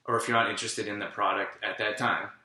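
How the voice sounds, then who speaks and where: A man's voice: fairly low pitch, flat delivery, fast, pushed and bright. A man in casual chat, rambling and filling his speech with "like". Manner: rambling, heavy use of "like". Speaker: co-host of a wellness channel. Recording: echoey room.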